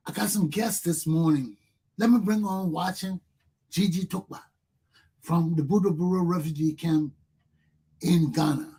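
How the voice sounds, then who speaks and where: A man's voice: a little high, dark tone, slightly rough, rough recording. A man hosting a talk show, greeting callers and stopping to check whether they can hear him. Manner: halting, with restarts and checks on the line.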